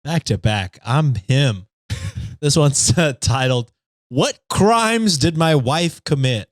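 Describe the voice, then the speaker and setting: A man's voice: fairly high pitch, lively intonation, takes it slowly, no echo. A man co-hosting a podcast, reading stories aloud in a casual chat and laughing often.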